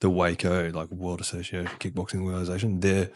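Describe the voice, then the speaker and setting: Low-voiced aussie bloke, blunt and sweary, chatting loose on a podcast. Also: male voice, completely flat delivery, quick pace. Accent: Australian. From Australia. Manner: blunt, swearing, laughing storyteller. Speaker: guest. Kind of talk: casual interview chat.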